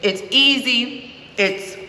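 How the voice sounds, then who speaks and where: With a fairly high-pitched voice and drawn-out words, a cooking channel host chats with viewers in a relaxed way, savoring the food between lines. The recording carries a little hiss or hum and a long, echoey room reverb.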